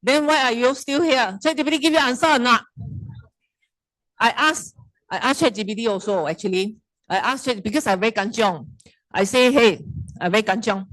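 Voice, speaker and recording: A woman's voice: fairly high pitch, normal speed, a bit bright, dry recording, rough recording. A middle-aged woman with a Malaysian English accent gives a casual wellness seminar talk, chatty and teasing, quizzing the audience. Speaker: wellness presenter.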